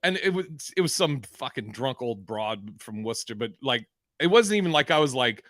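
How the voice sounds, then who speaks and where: A man's voice: mid-range voice, big pitch swings, normal speed, fairly bright tone, dry recording, studio quality. A man hosting a comedy podcast, telling stories in rambling, profane casual chat with many restarts.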